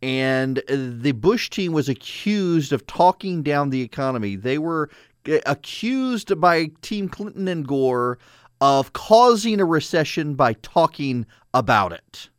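Sarcastic radio host, lively pitch. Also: male voice, slow, clean tone, no room sound, studio quality. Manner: sarcastic, animated, laughs at his own jokes. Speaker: radio talk show host. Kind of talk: conservative talk radio monologue. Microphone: studio microphone.

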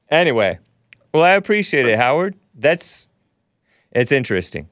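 A man hosting a call-in show, chatting casually, laughing often and jumping up in pitch now and then. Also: fairly bright tone, no room sound, clean studio sound.

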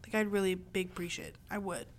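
A woman's voice: medium pitch, fairly even intonation, fast. A young woman co-hosting a casual podcast, ranting animatedly about books and films with exaggerated quoted reactions. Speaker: podcast co-host. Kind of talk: casual chat.

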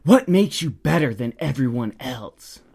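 A man putting on an indignant young man in his late twenties, pitched a little above his own voice. He sounds accusing and self-righteous, in a spoken storytelling monologue. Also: big pitch swings, unhurried, vocal fry, a little mellow, breathy edge, full character voice.

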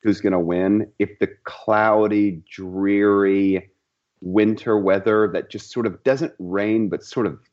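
A very deep-voiced man talks slowly and playfully, dressing up everyday things in grand language. He is a podcast co-host joining remotely. The audio is dull and lo-fi. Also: fairly even intonation, darkish tone. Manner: playful, grandly overblown phrasing. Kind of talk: casual podcast chat.

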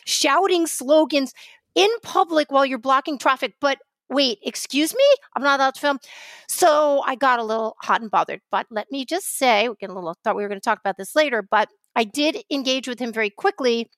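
Woman co-host from New York, high voice, dry studio sound, animated storyteller. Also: no echo. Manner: animated storytelling, quick rants. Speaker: podcast co-host. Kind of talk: casual chat.

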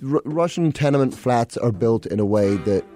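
Male comedian guest from England, warm mellow tone, laid-back rambling storyteller with a self-mocking edge. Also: mid-range voice, animated, normal speed, soft background music. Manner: rambling, self-mocking anecdotes with frequent laughs. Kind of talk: casual storytelling in a podcast interview.

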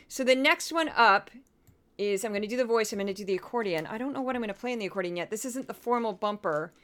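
A woman's voice: medium pitch, lively intonation, quick pace. A woman from Missouri, hosting a podcast in a chatty, rambling, self-deprecating way. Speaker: podcast host. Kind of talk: casual commentary.

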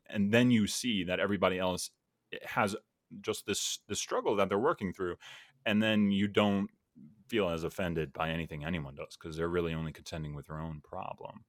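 A man's voice: fairly low pitch, animated, fairly quick, no echo, clean studio sound. A man in casual podcast conversation, reflective and earnest, thinking aloud with many fillers. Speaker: podcast guest or host.

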